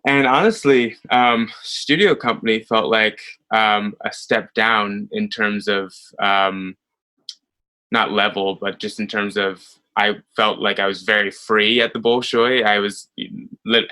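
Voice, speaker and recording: An American man in his thirties, talking through his career in a relaxed interview. His voice sits fairly low but comes across bright and forceful. He tells stories in an animated way, with plenty of ums and little laughs. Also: poor audio. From United States. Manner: animated storytelling with frequent fillers and laughs. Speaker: ballet soloist guest. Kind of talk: conversational interview.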